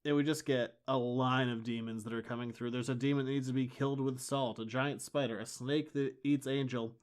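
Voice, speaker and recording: A man co-hosting a podcast, chatting casually as he recaps comic book issues. He is wry and enthusiastic. His voice sits at an ordinary middle pitch. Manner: enthusiastic, wry, acts out lines in quick bursts. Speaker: podcast co-host.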